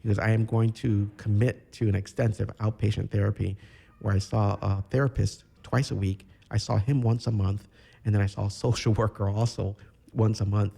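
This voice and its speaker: A man from Chicago, a podcast guest, telling his own story in a candid, reflective way with halting restarts. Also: on the low side, little pitch movement, vocal fry, warm tone. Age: 30s. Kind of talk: personal storytelling interview.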